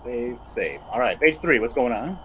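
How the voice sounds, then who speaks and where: A man's voice: medium pitch, lively intonation, normal speed, fairly bright tone, slightly rough, low-quality recording. A man hosting a casual live stream, bluntly directing and thinking aloud while he draws a comic page. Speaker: comic artist and stream host.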